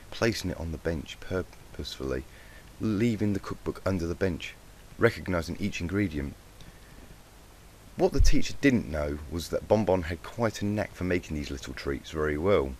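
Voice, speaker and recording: Deep-voiced guy reading a fanfic story aloud, steady, faint hiss in the background. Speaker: fanfic reader. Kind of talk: storybook narration.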